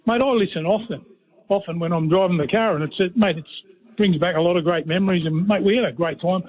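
A high-pitched Australian man yarns down a tinny phone line. He rambles in a folksy way and leans on "mate" in nearly every breath. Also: fast. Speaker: radio guest, former player and commentator. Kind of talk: casual storytelling chat.

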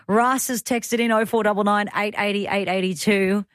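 On a casual talkback radio show, an Australian-accented female host chats, teases and readily jokes around with callers and her producer. She speaks at a medium pitch with a steady tone. A studio microphone gives clean sound with no echo.

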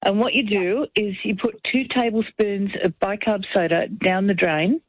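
A woman's voice: medium pitch, steady tone, moderate pace. A woman, a household cleaning expert, giving matter-of-fact practical advice on radio. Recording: tinny phone-like radio sound.

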